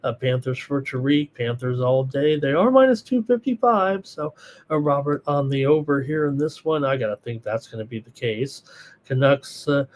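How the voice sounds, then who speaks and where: A middle-aged man hosts a live sports betting stream, talking straight to his viewers. He rambles through his picks and the chat, with plenty of fillers and false starts. His voice sits at a middle pitch for a man. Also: normal speed, a little mellow. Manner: rambling, many fillers and restarts, chatty. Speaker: sports betting show host. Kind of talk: live solo betting analysis, reading chat.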